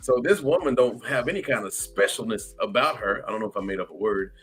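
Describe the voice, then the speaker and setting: A man's voice: lowish voice, fast talker, a bit bright, husky, soft background music. A middle-aged man, hosting a casual panel chat and reading viewer comments aloud. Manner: laid-back, reads viewer comments aloud. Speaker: podcast host.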